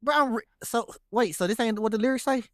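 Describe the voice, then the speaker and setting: A man co-hosting a podcast in loose, laughing banter, reading song lyrics aloud flatly. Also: very high voice, fast talker, dry recording, studio quality. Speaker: podcast co-host. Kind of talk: casual chat.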